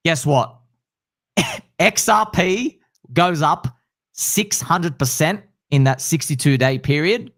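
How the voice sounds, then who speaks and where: Excitable slangy male host. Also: a little high, slow pace, dry recording, studio quality. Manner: excitable, slangy, acts out quotes. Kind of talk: casual chat.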